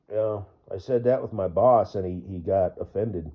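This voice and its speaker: A man's voice: deep voice, normal speed, few pauses. A man vlogging in a casual, rambling way, full of fillers and laughing at his own jokes. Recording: dull lo-fi recording.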